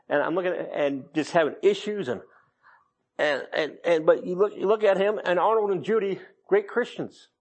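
Middle-aged male preacher, husky voice pitched a bit high, folksy and rambling sermon delivery. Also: muffled recording.

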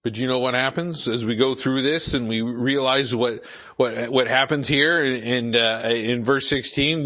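A man delivers a sermon in a conversational, preacherly style. He drifts into asides and restarts his phrases as he goes. His voice sits at an ordinary middle pitch for a man. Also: fairly even intonation, measured pace, bright, forceful tone. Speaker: pastor.

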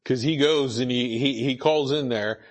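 A man's voice: mid-range voice, moderate pace. A male pastor preaching a conversational sermon, often restarting phrases and adding casual asides.

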